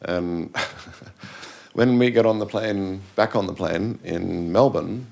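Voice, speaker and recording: A man's voice: sits low, slow pace, vocal fry, a little mellow. A middle-aged man, a podcast guest, telling rambling anecdotes in casual chat, correcting himself often. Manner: rambling anecdotes with self-corrections and quoted voices. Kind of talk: casual storytelling interview.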